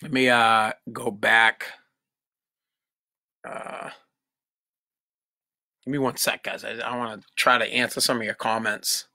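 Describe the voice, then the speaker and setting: Male podcast host, profane exasperated rant, bright tone, dry close sound. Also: medium pitch, little pitch movement, takes it slowly, pauses often, no echo. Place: home.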